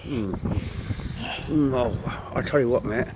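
A man's voice: mid-range voice, slow pace, noisy background. A man, drawling through casual banter with lots of murmured agreement.

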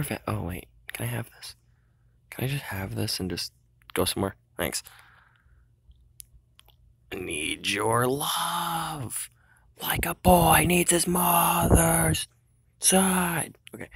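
A man's voice: low voice, no room sound, clean studio sound. A young man giving casual gameplay commentary, cocky and trash-talking, singing along in bursts. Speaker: gamer.

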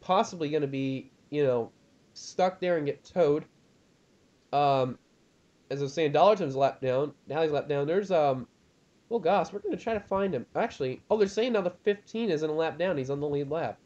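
A young man calls a sim race in a loose, rambling way, filling gaps with ums and perking up when cars spin. His voice sits a little high and mellow. The mic sounds dull and lo-fi. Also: moderate pace. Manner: rambling, lots of ums, excitable about crashes. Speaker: lead commentator of a sim racing league. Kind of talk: casual race commentary.

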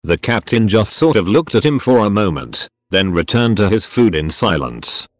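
Low synthetic male story narrator. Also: moderate pace, no echo. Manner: flat synthetic delivery reading all parts alike. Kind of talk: text-to-speech story reading.

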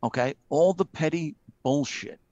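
A middle-aged man, a retired fire captain, tells anecdotes in a slightly raised voice, acting out the lines of the people in them. He pauses on frequent ums, and his voice sounds dry and close. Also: a little high, a little mellow, no echo, muffled recording. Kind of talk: casual storytelling in a live video chat.

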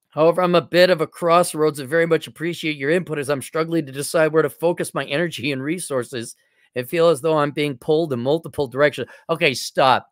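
A man's voice: fairly high pitch, no echo, studio quality. A male host reading a viewer's letter aloud and answering it with blunt, mocking sarcasm.

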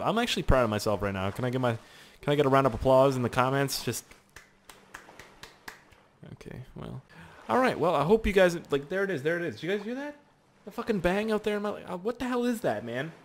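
A man's voice: medium pitch, a bit bright, slight background noise. A young man casually commenting on a survival game he is playing, rambling, joking and swearing a lot. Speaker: gaming YouTuber. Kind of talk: casual let's-play commentary.

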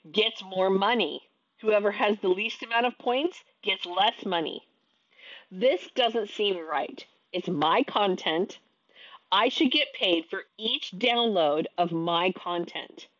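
A woman's voice: medium pitch, slow, fairly bright tone, no echo, dull audio. A woman in her thirties, an online teacher, venting her frustration in a casual talk to camera, often restarting her sentences.

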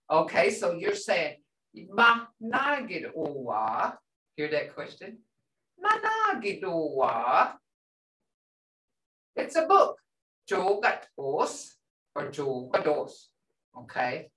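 A woman's voice: medium pitch, a bit bright. A woman teaching a language class, patiently repeating words and sounds for her students. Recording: roomy sound from a distance.

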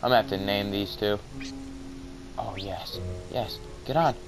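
A young man casually commentating his own game, mumbling to himself and then bursting out in excitement. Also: fairly low pitch, a little slow, over music, rough recording. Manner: excitable, swings from mumbling to yelling. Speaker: gamer. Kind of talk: casual let's-play commentary. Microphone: cheap mic with white noise.

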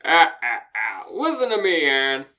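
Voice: mid-range voice, very animated, moderate pace, a bit bright, voice pushed up. A podcaster reading fan fiction aloud and voicing a brash, boastful male college recruiter who talks up money and greatness. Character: boisterous smooth-talking male college recruiter.

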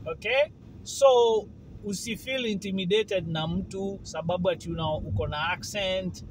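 A man from Kenya, chatting casually to his viewers in an animated way and often checking that they follow. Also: high-pitched, unhurried, noisy background. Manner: animated, keeps asking if the listener follows. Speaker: vlogger. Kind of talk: casual chat to camera.

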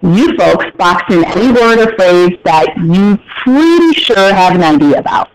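High-voiced man giving casual class directions. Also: animated, measured pace, poor audio. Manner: casual, step-by-step directions with repeated phrases. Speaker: teacher. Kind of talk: classroom instruction.

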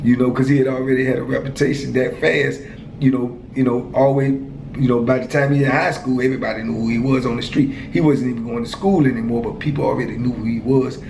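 A man's voice: mid-range voice, steady tone, fast, creaky, a little mellow. A man in his fifties telling a story in casual street slang, filled with "you know" and "man", as a former prisoner, in an echoey room with faint noise.

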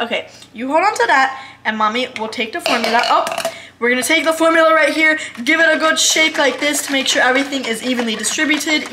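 A young woman with a high, bright voice walks viewers through her daily pet routine in a chatty how-to vlog. She keeps up an upbeat tone and often baby-talks to her pet. Faint household noise sits behind her. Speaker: pet vlogger. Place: home kitchen and living room.

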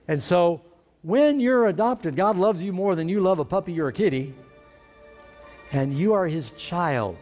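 A man's voice: sits high, big pitch swings, moderate pace, a little mellow, faint music behind. A man preaching a sermon as pastor, putting questions to his congregation and acting out everyday sayings. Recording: long reverb in a hall.

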